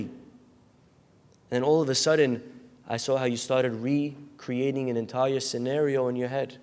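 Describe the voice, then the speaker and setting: A man's voice: medium pitch, normal speed, pauses often, clean tone. A man, a rabbi, giving a sermon full of storytelling, acting out the people in his stories and raising his voice in bursts. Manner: animated storyteller acting out characters, shouting in bursts. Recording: long hall reverb.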